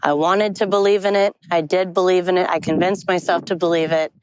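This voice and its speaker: A woman's voice: on the low side, fairly even intonation, fairly quick, darkish tone, slight background noise, poor audio. A woman telling a candid, rambling story into her phone while hiking on an outdoor forest trail. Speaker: vlogger. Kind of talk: casual storytelling vlog. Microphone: phone held while walking.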